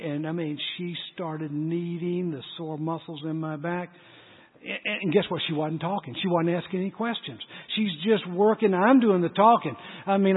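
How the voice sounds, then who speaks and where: A man with a high, husky voice preaches a sermon, acting out the parts of his story. His voice sounds tinny and thin, and a long reverb trails after it in a large hall. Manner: animated, acts out dialogue in story. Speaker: pastor.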